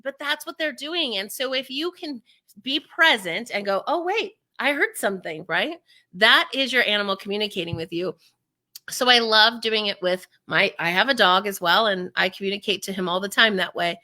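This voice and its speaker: Bright, animated woman coaching. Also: mid-range voice, moderate pace. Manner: animated, acts out quoted voices. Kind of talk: casual interview chat.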